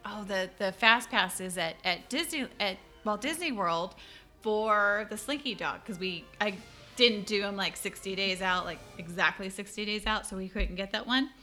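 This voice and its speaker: Bright-voiced chatty woman. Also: mid-range voice, moderate pace, faint music behind. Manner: chatty storyteller, laughs often. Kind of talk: casual chat.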